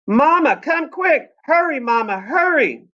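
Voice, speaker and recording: Storybook figure: a panicked little girl, high and shrill, put on by a male reader, slightly muffled recording. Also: big pitch swings, unhurried, pushed and bright, full character voice. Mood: frantic. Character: frightened little girl calling for help.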